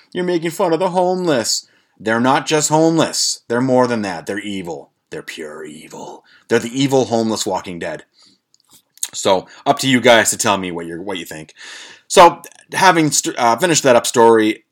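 A male podcast host telling a story in a loose, rambling monologue. He swears freely, stumbles over his words and tosses in jokes as he goes. His voice sits at an ordinary, average pitch for a man. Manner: profane, rambling, with many fillers and restarts; animated, jokey.

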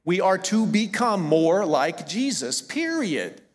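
A middle-aged pastor with a Southern accent preaches in a high, bright voice. He talks in a loose, conversational way, stopping to correct himself and then pressing his points with emphasis. His voice carries with a long reverb from the church hall. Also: sing-song, slow pace. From American South. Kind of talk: sermon. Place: church sanctuary.

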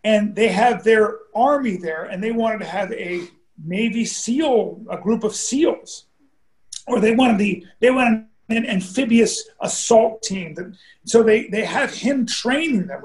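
High-voiced guy rambling and swearing through a story, echoey room. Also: lively intonation, unhurried. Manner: profane, rambling storyteller who acts out quotes. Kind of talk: casual storytelling chat. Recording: roomy echo.

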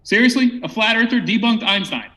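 A man's voice: high voice, expressive, fairly quick, bright, forceful tone, poor audio. A man who is a guest on a debate show, speaking casually with an incredulous, mocking manner.

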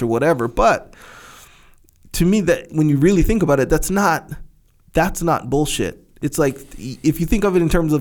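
A man co-hosting a podcast, thinking out loud in a loose, rambling way with many restarts. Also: fairly high pitch, lively intonation, moderate pace. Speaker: podcast co-host. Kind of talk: casual podcast discussion.

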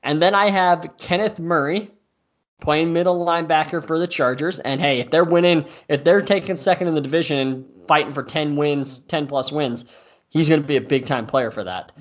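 A man's voice: on the high side, normal speed, dull audio. Easygoing man talking football picks. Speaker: podcast co-host. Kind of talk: casual sports talk.

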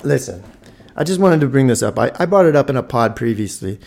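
A man hosting a podcast, telling a story in a lively, profane way with punchy sound effects. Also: mid-range voice, fairly quick, gravelly. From Toronto, Canada. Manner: animated, swears freely, adds punchy sound effects. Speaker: podcast host. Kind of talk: casual storytelling monologue.

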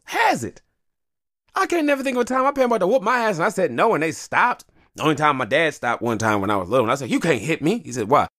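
A man's voice: on the high side, fairly bright tone, dry recording, clean studio sound. A man in his thirties hosting a podcast, ranting casually and profanely about fatherhood. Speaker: podcast host.

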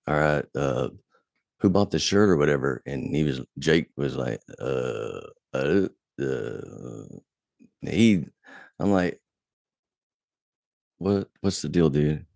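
A man's voice: extremely low pitch, slow pace, gravelly, long pauses, dry recording, studio quality. A man telling a profane story in casual podcast chat, his voice climbing when he gets angry. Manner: profane, animated retelling, voice rising when angry. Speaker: podcast guest.

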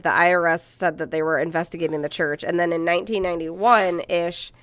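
A woman's voice: on the low side, fairly even intonation, fairly quick, fairly bright tone, clear, resonant tone, no echo. A woman co-hosting a casual podcast, blunt and swearing freely as she reads through her notes. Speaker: podcast co-host.

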